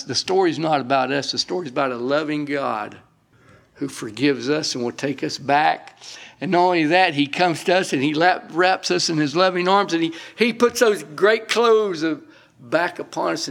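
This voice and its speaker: Gravelly preacher, emphatic and folksy. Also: male voice, fairly high pitch. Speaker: pastor. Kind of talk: sermon.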